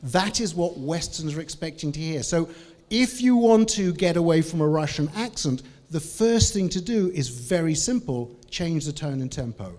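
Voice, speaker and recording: Animated male conference speaker. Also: a little high, normal speed. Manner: animated, varies tone and tempo. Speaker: conference speaker on English for Russians. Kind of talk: lively conference talk.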